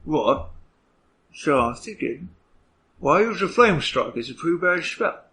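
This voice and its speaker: A man's voice: on the high side, very animated, unhurried, bright, forceful tone. Man thinking aloud at a game table. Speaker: player. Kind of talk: tabletop role-play chat.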